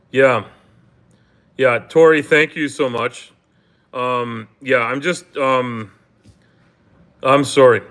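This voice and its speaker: A Canadian man from Toronto hosting a casual livestream, talking in halting, rambling bursts full of ums and restarts and swearing bluntly now and then. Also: mid-range voice, fairly bright tone. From Canada, grew up in Toronto. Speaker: livestream host. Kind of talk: casual livestream chat with viewers.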